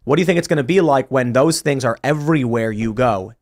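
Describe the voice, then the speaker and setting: A man's voice: mid-range voice, fast, hardly any pauses. A man hosting a casual panel talk show, leading the discussion with wry asides and acted-out scenarios. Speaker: podcast host.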